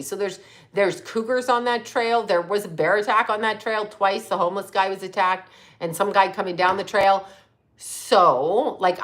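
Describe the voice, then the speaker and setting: Animated laughing woman livestreamer. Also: mid-range voice. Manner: animated, laughs often, swears freely. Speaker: livestream host. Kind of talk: casual livestream storytelling.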